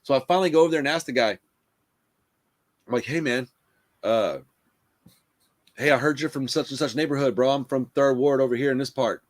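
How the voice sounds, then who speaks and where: A man hosts a loose, casual podcast chat. He tells his stories in a profane, animated way, and he leans on "bro" and "dude" constantly. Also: mid-range voice, brisk, pauses often. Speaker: podcast host.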